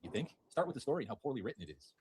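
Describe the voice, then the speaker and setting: A man's voice: medium pitch, big pitch swings, rapid-fire, darkish tone, slight background noise, low-quality recording. A man co-hosting a livestream, talking bluntly and with profanity, backing up the host. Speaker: guest co-host. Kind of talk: heated commentary chat.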